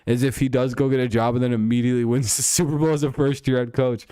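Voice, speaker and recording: A man's voice: medium pitch, fairly even intonation, fast talker, mellow, smooth, dry recording, studio quality. A man hosting a casual stream, rambling and joking crudely about sports. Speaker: streamer host.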